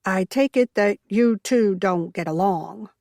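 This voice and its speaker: A woman's voice: medium pitch, a little slow, a little mellow, dry recording, clean studio sound, natural voice. A woman voicing a curious, nosy woman who probes for gossip. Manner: curious and probing.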